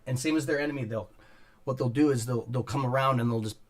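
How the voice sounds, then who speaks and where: A man hosting a casual stock market livestream from his home studio, rambling and swearing as he chats with viewers and keeps clearing his throat. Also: medium pitch, quick pace. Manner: rambling, profane, greets chat viewers by name. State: clearing throat and coughing often. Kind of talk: casual live-stream chat with viewers. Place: home studio on a top floor.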